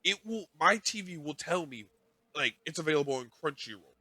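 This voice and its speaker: A man's voice: on the high side, animated, normal speed, pushed and bright, dry recording. A man hosting a podcast, telling a rambling, self-mocking story in casual chat, swearing freely. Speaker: podcast host.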